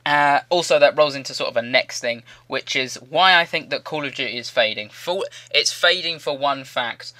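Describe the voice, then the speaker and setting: A man's voice: mid-range voice, moderate pace, few pauses, bright, forceful tone, dry recording. A young man chatting casually to viewers in a gaming commentary, rambling and repeating himself. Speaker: gaming YouTuber. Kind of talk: casual commentary over gameplay.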